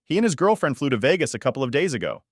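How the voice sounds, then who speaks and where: A man's voice: medium pitch, big pitch swings, very fast, no echo, studio quality, voice pushed up. A man doing a dismissive impatient mother.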